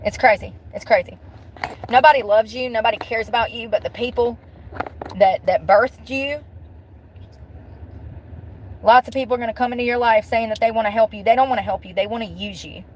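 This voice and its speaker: A woman talks straight to her viewers in a fairly high voice, airing a grievance. She is blunt and swears freely, hammering her points home by repeating the same phrase again and again. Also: steady tone, fairly quick, pauses often, a little hiss or hum, rough recording. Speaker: vlogger. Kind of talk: emotional venting monologue.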